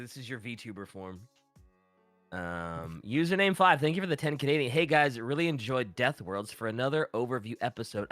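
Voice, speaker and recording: A man banters on a livestream in a lively voice that jumps around in pitch, tossing out jokes and stacking quick yeahs. His mic sounds close and dry, with faint music underneath. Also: no room sound. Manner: joking banter, quick agreeing interjections. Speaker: co-host of a livestream. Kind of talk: casual livestream chat.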